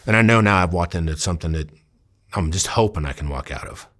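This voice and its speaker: Low-voiced man telling a tense story. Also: quick pace, fairly bright tone. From Iowa. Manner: vivid, dramatic retelling with acted-out quotes. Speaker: former undercover officer. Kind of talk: storytelling interview.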